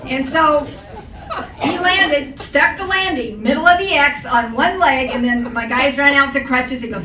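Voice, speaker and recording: Older lady guest speaker, high voice, telling funny stories, far off mic in an echoey room, noisy. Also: normal speed, a crowd in the background. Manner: lively, animated anecdotes with comic timing. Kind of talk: storytelling speech. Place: luncheon hall.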